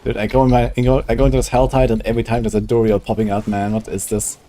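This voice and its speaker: Blunt, swearing man in mellow tones. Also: medium pitch, flat delivery, rapid-fire, a little hiss or hum. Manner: blunt and emphatic, swears freely. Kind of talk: casual live-stream chat.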